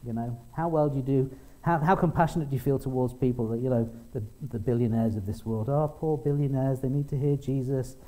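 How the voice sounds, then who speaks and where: Man, middle-aged, preacher, conversational sermon, very dark tone, medium pitch. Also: brisk, few pauses, poor audio. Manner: conversational, with restarts and acted quotes. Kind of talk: sermon with storytelling.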